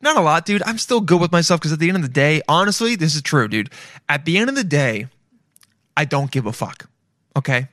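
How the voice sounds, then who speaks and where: A man's voice: fairly high pitch, animated, brisk, a bit bright, dry recording, clean studio sound. A young man hosting his own podcast, rambling casually and swearing a lot, tossing in "okay?" and "dude" as he goes. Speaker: podcast host. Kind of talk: casual solo podcast rant.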